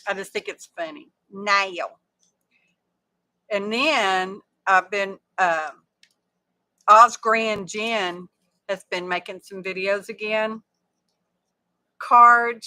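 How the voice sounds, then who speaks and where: A woman hosts a crafting live stream in an unhurried, drawn-out way. Her voice is bright and forward as she chats to viewers. She teases herself and talks her way through every fold and score. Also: medium pitch, steady tone. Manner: chatty, self-deprecating, talks through her crafting steps. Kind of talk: casual craft livestream chat.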